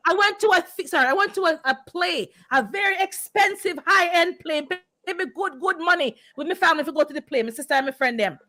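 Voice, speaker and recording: A woman's voice: very high-pitched, expressive, quick pace, few pauses, bright, forceful tone. A woman in casual chat, speaking emphatically and with exasperation, repeating words for force. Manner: emphatic, exasperated ranting with repetition.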